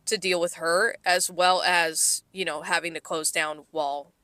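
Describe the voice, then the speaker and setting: A woman's voice: on the low side, fairly even intonation, a little slow, sharp tone, no room sound. A woman co-hosting a podcast, telling a story in a casual, exasperated and profane way. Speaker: podcast co-host.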